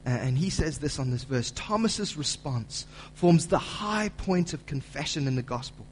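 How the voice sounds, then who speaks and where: A man preaching a sermon as pastor, building to loud, emphatic delivery when he reads scripture. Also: a little high, lively intonation, moderate pace, hardly any pauses, breathy edge, poor audio. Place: church auditorium.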